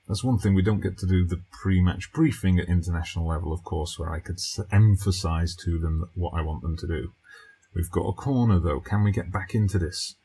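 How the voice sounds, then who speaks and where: A deep-voiced man with a husky edge, chatting his way through a football management game. He reacts out loud to each highlight and talks to his players as if they could hear him. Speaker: let's play host. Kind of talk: casual live commentary over a football management game.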